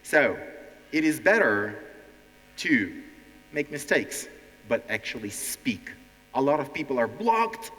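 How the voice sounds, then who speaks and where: A man with a Ukrainian accent and a mid-range, fairly bright voice speaks slowly with big pitch swings and frequent pauses. A language teacher and show host, he runs a stand-up style lesson, talking directly to a live audience and acting out nervous learners, with hall reverb on the recording.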